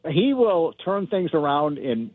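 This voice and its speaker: Brief: male phone-in guest, lively pitch, narrow tinny phone sound. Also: measured pace, no room sound. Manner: animated, rambling, many fillers and restarts. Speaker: radio show guest. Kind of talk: phone-in interview. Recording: tinny phone line, dry.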